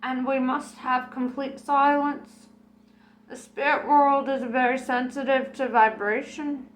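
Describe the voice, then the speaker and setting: A woman's voice: sits high, steady tone, measured pace, reverberant, pitched above the performer's own voice, low-quality recording. A woman voicing a theatrical fake medium with a showy, dramatic delivery. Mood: solemn.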